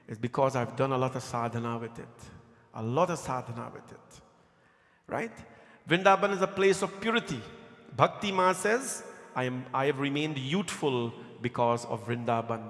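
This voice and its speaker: Brief: male preacher, somewhat high voice, folksy storytelling sermon, long temple-hall reverb. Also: animated, normal speed, a bit bright. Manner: folksy, conversational storytelling with repeated phrases. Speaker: preacher leading a scripture reading. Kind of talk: devotional sermon.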